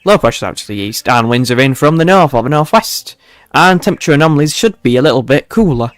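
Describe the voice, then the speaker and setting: A man's voice: mid-range voice, expressive, fast talker, dry recording. A young man hosting a casual livestream weather forecast, chatty and self-mocking, chuckling often as he talks to his viewers.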